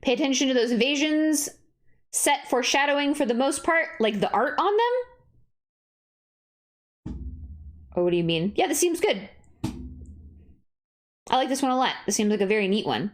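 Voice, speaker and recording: A woman streamer chatting casually and reading card text aloud, excitable and quick to laugh. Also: sits high. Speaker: streamer reviewing cards. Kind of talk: casual live-stream chat.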